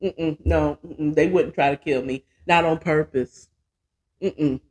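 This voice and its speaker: A woman's voice: deep voice, fairly even intonation, slow pace, a little mellow. A woman hosting her own show, telling a personal story in a casual, candid and profane monologue, often poking fun at herself. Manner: candid, profane, chatty and self-mocking. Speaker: podcast host.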